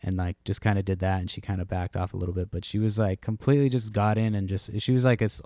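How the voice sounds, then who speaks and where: A man's voice: low voice, flat delivery, fast talker, hardly any pauses, mellow, dry recording, clean studio sound. A man in his thirties hosting a casual solo podcast from home, rambling through laid-back, profane stories. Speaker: podcast host.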